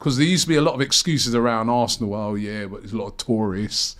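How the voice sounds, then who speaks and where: A man's voice: fairly low pitch, fast, fairly bright tone. A man hosting a casual football chat show, chatty and rambling with lots of fillers. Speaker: show host.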